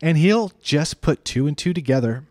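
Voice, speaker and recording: A man's voice: on the high side, animated, moderate pace, darkish tone, no room sound, studio quality, voice pushed up, lightly acted. A man reading aloud, voicing an anxious, frightened young boy who pleads and frets. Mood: fearful. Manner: trembling, pleading, fretful.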